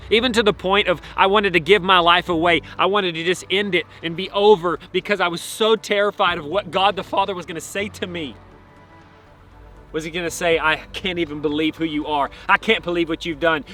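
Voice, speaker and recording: Male preacher, high bright voice, animated parable telling, faint music under. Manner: animated storytelling, emphatic pauses. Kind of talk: sermon retelling a parable.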